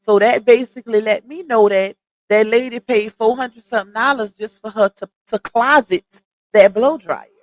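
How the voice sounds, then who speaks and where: A woman's voice: a little high, moderate pace, dry recording, rough recording. Blunt gossipy woman on a livestream. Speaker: livestream host. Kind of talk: casual commentary chat.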